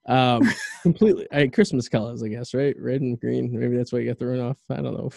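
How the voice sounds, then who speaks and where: Rambling male podcast host, mellow voice. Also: mid-range voice, fairly quick, gravelly, no echo, clean studio sound. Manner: rambling, stammering restarts. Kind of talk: casual chat.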